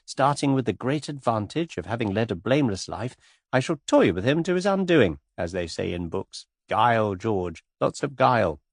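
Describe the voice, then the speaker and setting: A man reading an audiobook, voicing a witty young English society woman in an airy, teasing, quietly amused manner. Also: lowish voice, big pitch swings, normal speed, no echo, clean studio sound.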